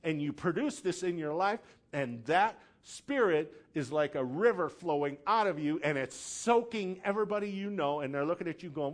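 A pastor preaching a sermon, casual asides and checking in with the congregation, building to loud emphatic peaks. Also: male voice, a little high, animated, moderate pace, few pauses. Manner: conversational asides, checks in with "okay?".

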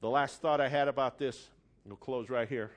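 A man preaching a sermon, telling a story dramatically and building from quiet, hushed lines to loud, forceful appeals. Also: medium pitch, fairly even intonation, moderate pace.

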